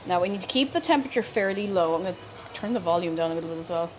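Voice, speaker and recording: A woman's voice: lowish voice, expressive, very fast, noisy background. A woman cooking on a live stream, chatting playfully with her viewers as she works. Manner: chatty, playful, talks to chat while cooking. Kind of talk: casual cooking stream chat.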